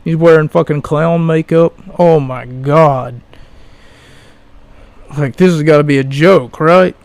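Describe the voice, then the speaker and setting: A young man hosting his own podcast, ranting slowly with mocking scorn and loud bursts of passion. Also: a little high, fairly even intonation, creaky, smooth, no echo. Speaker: podcast host. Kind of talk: solo podcast rant.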